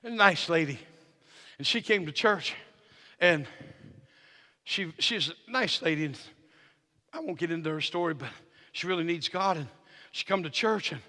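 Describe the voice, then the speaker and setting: Bright, high-pitched shouting preacher. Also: male voice. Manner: swings from low intimate storytelling to shouted climaxes; folksy Southern-style phrasing with "ain't" and "y'all". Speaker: guest preacher. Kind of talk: sermon. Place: church sanctuary. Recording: reverberant church hall.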